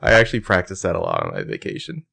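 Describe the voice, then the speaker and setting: A man's voice: low voice, huge pitch swings, fast talker, creaky, pushed and bright. A man co-hosting a podcast, recapping a show in casual chat with crude, wry jokes. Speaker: podcast co-host.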